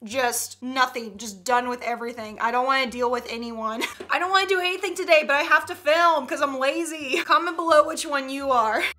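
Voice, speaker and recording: A woman's voice: sits high, brisk, hardly any pauses, bright, forceful tone, slight background noise. A young woman in her twenties giving casual comedic commentary, chatty and laughing often with playful slang. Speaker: YouTuber reacting to memes.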